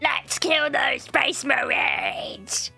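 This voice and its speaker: A rowdy orc brute bellows his battle cries in a rough, put-on accent, as a woman puts him on. The voice is loud and harsh. Faint music sits underneath. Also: high voice, expressive, drawn-out words, exaggerated voice. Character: rowdy brawling male orc warrior.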